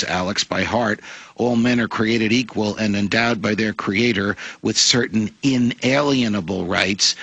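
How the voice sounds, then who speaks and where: A man in an impassioned radio interview monologue, his voice gravelly and husky with a forceful, tense edge. He speaks like an orator, stacking emphatic points into lists. The sound is dry and close. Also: mid-range voice, dry recording, rough recording. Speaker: former judge, radio show guest.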